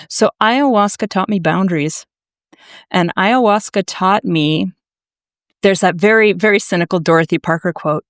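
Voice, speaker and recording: A woman from Massachusetts, a naturopathic doctor, telling her story to a podcast host in a blunt, animated way. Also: mid-range voice, normal speed, no room sound, studio quality. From Massachusetts, USA. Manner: animated, emphatic, blunt, swears freely. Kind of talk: conversational storytelling.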